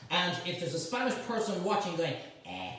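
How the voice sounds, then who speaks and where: A middle-aged Irish man hosts a cooking show, keeping up a stream of chatty, teasing banter as he cooks. His voice sits a touch high for a man. It rings around a very echoey kitchen, picked up from some distance off the mic over faint background noise. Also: expressive, brisk, a bit bright. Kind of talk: live cooking demonstration. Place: home kitchen.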